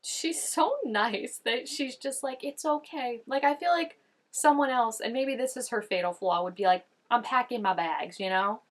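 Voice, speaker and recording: A woman's voice: a little high, normal speed, a bit bright. A young woman hosting a TV reaction video, talking casually and musing aloud, full of "like" and "I don't know". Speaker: TV reaction host.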